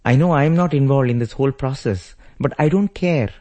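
A man's voice: fairly low pitch, moderate pace, mellow. A man voicing a devoted young prince brother who speaks earnestly and emphatically while telling a story in a spiritual discourse. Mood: resolute.

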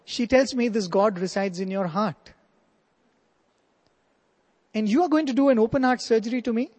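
A man's voice: high voice, normal speed, a little mellow. A man voicing a trusting six-year-old girl who asks earnest, innocent questions. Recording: long hall reverb.

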